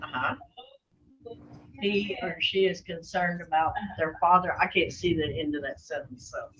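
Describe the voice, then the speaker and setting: A woman language teacher leading an online class, patiently calling on students and gently correcting their pronunciation. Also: on the low side, normal speed, slight background noise. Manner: patient, encouraging, calls on students by name. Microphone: video call. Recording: lo-fi video call audio.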